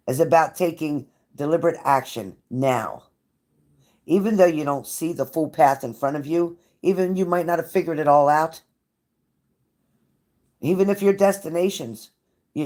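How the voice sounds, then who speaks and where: A woman's voice: low voice, moderate pace, pauses often, dark tone. A woman giving a live tarot reading to viewers, blunt and profane, with a pep-talk delivery that repeats phrases for emphasis. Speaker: tarot reader.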